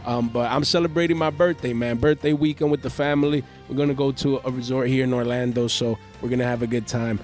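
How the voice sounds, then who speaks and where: A man hosting a trading-card market channel, talking in excitable, slangy hype and repeating his catchphrases. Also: medium pitch, fast talker, few pauses, soft background music. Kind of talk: hyped market commentary. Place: home.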